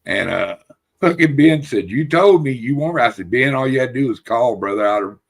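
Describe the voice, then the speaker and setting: A man's voice: mid-range voice, gravelly, a bit bright, slightly rough. A man hosting a casual podcast chat, telling long, rambling stories full of swearing and laughter. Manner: rambling, profane, laughs through his stories. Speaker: podcast host.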